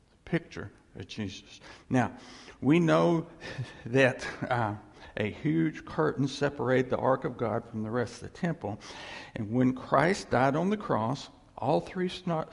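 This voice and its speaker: A man's voice: medium pitch, creaky, slightly rough, big-room sound. A man preaching a sermon on scripture, emphatic and repetitive, asking the congregation for responses. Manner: emphatic, repeats phrases, calls for audience response.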